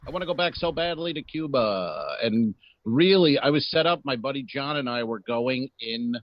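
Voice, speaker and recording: A man's voice: mid-range voice, normal speed, no echo, muffled recording. A man who works as a comedian, joking and swearing in casual chat. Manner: animated, profane, joking banter.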